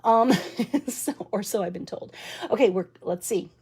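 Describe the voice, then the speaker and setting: Speaking at a medium pitch in a husky, darkish voice, this woman runs an unhurried live-stream card-making demo from her craft room at home. She laughs a lot and leans on fillers while a mounted camera records her.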